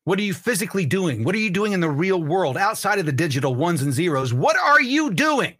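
A man's voice: fairly high pitch, animated, fast, no room sound, studio quality. A man hosting his own podcast, delivering an emphatic political monologue and repeating points for emphasis. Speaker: podcast host.

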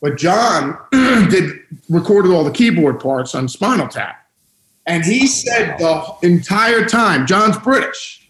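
A man's voice: on the high side, reverberant, poor audio. A man, a guest musician, telling stories in a casual interview with lots of laughter. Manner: laughing storyteller, animated.

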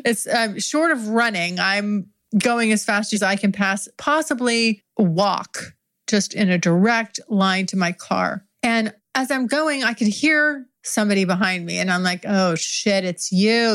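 A woman's voice: medium pitch, measured pace, fairly bright tone. A woman hosting an adult podcast, telling an improvised first-person story in a candid, profane way and laughing often as she goes.

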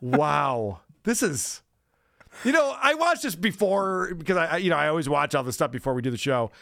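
Sarcastic high-voiced male podcast host. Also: very animated, moderate pace, gravelly, a bit bright, dry recording, studio quality. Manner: mocking, sarcastic, laughs often. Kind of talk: casual chat.

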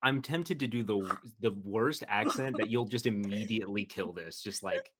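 A man's voice: on the low side, moderate pace, crowd noise. A man co-hosting a podcast, riffing and joking in casual chat. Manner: jokey, riffing on the bit. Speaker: podcast co-host.

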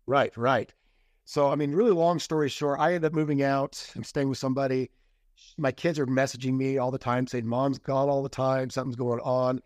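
A man's voice: medium pitch, fairly even intonation, brisk, dry recording, clean studio sound. A middle-aged man as a podcast guest, candidly telling a personal story in casual conversation and acting out the quoted lines. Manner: candid, acts out quoted dialogue.

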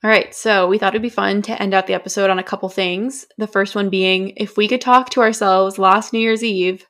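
A woman's voice: mid-range voice, fairly even intonation, fairly quick, a bit bright. A woman in her twenties, co-hosting a podcast in casual chat, talking freely with lots of "like". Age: 20s. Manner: chatty, frequent "like" fillers. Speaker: podcast co-host.

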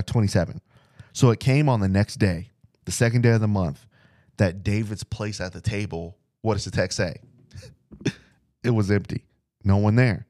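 Earnest man teaching the Bible, lowish voice. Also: darkish tone, dry recording, studio quality. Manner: earnest, asks rhetorical questions, repeats words. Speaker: podcast host teaching Bible verse by verse.

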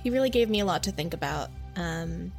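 A woman's voice: on the low side, lively intonation, brisk, creaky, darkish tone, soft background music. A woman playing a tabletop game, joking and playful as she speaks in character. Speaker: player. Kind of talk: casual tabletop play.

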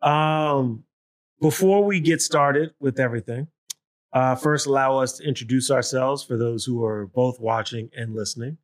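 Laid-back guy hosting a podcast, mid pitch, rambling a bit. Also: moderate pace. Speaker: podcast host. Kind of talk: casual podcast chat.

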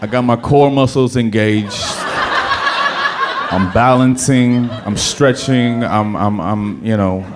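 Lively low-voiced man telling a story. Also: takes it slowly, noisy background. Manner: animated, dramatic, stammers on repeated words. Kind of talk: personal story told to an audience.

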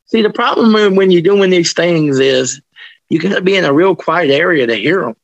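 A man telling ghost stories in an interview, rambling and restarting his sentences, animated as he tells them. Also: high-pitched, moderate pace, no echo, dull audio. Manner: rambling, with many restarts and colloquial grammar. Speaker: interviewee, paranormal investigator. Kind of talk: casual storytelling interview.

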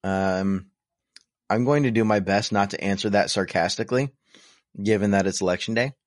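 A man's voice: on the low side, normal speed, no echo, studio quality. A man co-hosting a podcast in casual chat, rambling and self-deprecating with sarcastic humor. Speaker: podcast co-host.

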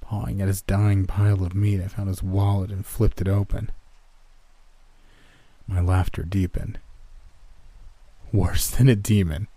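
A man narrating a first-person horror story in a steady, measured way. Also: sits low, dry recording.

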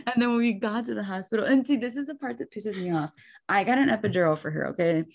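She talks fast in a gravelly, medium-pitched voice: a young podcast co-host swapping stories in casual, animated chat, with "like" in nearly every sentence.

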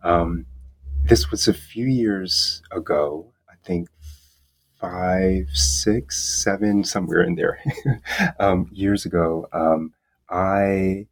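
A young man interviewing an author, speaking in a measured way with frequent filler pauses. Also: sits low, fairly even intonation. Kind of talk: interview questions and conversation.

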